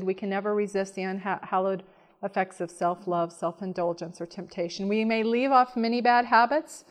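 A woman giving a sermon, telling a personal story in an earnest, conversational way with soft laughs. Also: mid-range voice. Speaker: speaker.

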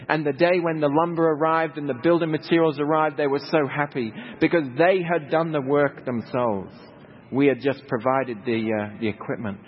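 Australian man telling stories in a hall. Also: fairly high pitch. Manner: conversational, anecdotal with humorous asides. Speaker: missionary speaker. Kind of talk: storytelling talk to a congregation. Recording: dull lo-fi recording with hall reverb, faint noise.

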